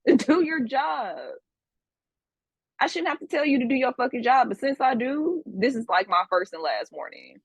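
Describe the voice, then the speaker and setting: A woman's voice: a little high, no room sound, dull audio. A woman teaching a class, scolding her students with profanity and repeating herself for emphasis. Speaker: spiritual teacher. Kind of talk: livestream class lecture.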